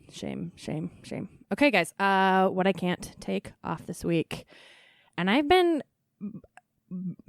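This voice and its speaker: A woman's voice: on the low side, a little mellow, smooth, dry recording, studio quality. A woman in her thirties hosting a casual chat, laughing often and using lots of fillers. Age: 30s. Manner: laughing, chatty, self-deprecating with lots of fillers. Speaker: podcast host.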